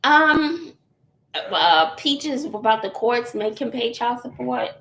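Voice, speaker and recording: A woman's voice: on the high side, animated, slow pace, a bit bright. A woman, chatting candidly with viewers and laughing often. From Texas, USA. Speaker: YouTuber answering viewers. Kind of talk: casual live chat. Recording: roomy echo, faint noise.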